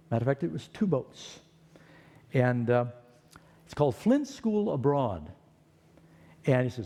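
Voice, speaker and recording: Animated male preacher telling his story. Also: mid-range voice, moderate pace, pauses often, big-room sound. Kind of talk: storytelling sermon testimony.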